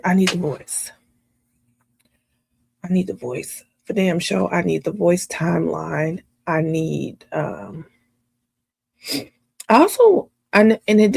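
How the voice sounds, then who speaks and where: A woman hosts live trial commentary in a low, gravelly, husky voice with a darkish tone and no echo. Casual yet emphatic, she repeats her points and talks back to what she's watching on screen.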